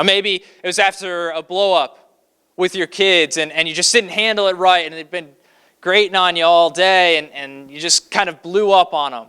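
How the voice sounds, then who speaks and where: Bright, crisp-voiced man preaching. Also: high-pitched, fairly even intonation, moderate pace. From Kentucky. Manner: conversational, with frequent fillers; acts out scripture quotes dramatically. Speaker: pastor. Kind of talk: sermon.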